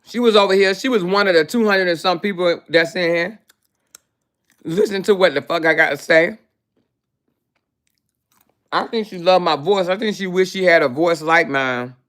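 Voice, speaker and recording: Woman, livestream host, casual commentary, brash, mocking, bright sharp tone. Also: fairly low pitch, normal speed, pauses often. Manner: brash, profane, mocking, laughing.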